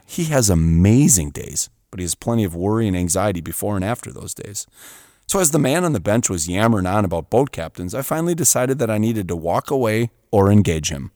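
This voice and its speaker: A middle-aged man with a low voice tells a story, his pitch swinging widely as he goes. He chuckles often along the way. The sound is dry and close. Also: a little mellow, no room sound. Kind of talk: storytelling monologue.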